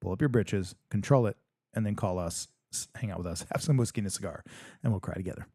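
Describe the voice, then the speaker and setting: A man's voice: fairly low pitch, fast, warm tone, no echo, clean studio sound. A man hosting a live podcast stream, reading viewer comments aloud and answering them in a blunt, joking, profane way. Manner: blunt, profane, joking, talks straight to the audience. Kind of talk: casual livestream chat.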